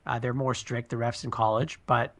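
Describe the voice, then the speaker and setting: A man's voice: mid-range voice, level tone, moderate pace, fairly bright tone. A man co-hosting a casual sports podcast, earnestly explaining his pet peeves at length. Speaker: podcast co-host.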